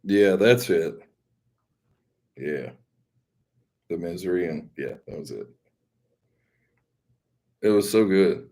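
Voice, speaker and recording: A man's voice: low voice, slow pace, pauses often, a little mellow. A man with a Southern accent, hosting a live stream and chatting casually with viewers in a rambling, folksy, self-deprecating way. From Mississippi.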